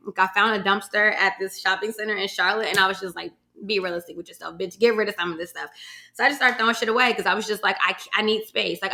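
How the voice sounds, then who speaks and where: A woman's voice: mid-range voice, bright, forceful tone. A young woman from Virginia hosting her own podcast, chatting to listeners in a casual, swearing, y'all-heavy storytelling way. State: emotional, holding back tears at times. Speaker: podcast host.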